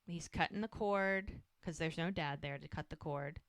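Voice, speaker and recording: A woman's voice: low-pitched, moderate pace, no room sound. A woman co-hosting a rewatch podcast, eagerly retelling scenes and acting out the characters' lines in casual chat. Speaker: podcast co-host recapping a show.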